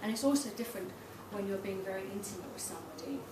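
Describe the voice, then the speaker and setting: A woman's voice: mid-range voice, lively intonation, quick pace. Middle-aged woman, frank and self-mocking speaker; roomy sound, heard from a distance. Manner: candid, self-deprecating storytelling with laughs. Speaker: tantra massage teacher. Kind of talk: public talk. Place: small event space. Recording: roomy, distant mic, noisy.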